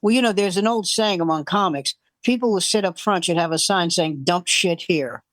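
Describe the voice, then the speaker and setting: Older comedian spinning animated anecdotes. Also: male voice, high-pitched, fairly quick, no room sound. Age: 70s or older. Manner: animated storyteller who acts out quoted voices. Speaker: veteran comedian guest. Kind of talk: casual anecdote telling.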